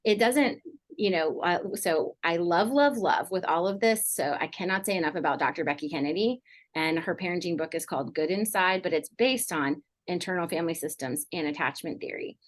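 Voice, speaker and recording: A woman's voice: fairly low pitch, fairly quick. A middle-aged woman counselor talking casually on a podcast, rambling with many fillers like "like" and "you know". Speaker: mental health counselor guest.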